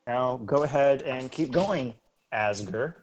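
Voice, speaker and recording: A man running a tabletop game as game master, narrating casually with lots of ums and quick laughs. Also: medium pitch, lively intonation, darkish tone. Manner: casual, easily laughing, with many fillers.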